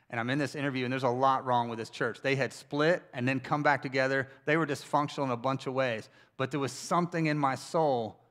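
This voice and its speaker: A man's voice: medium pitch, fairly bright tone. A man who is a pastor, preaching a sermon in a conversational, storytelling way with wry asides to his church. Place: church service.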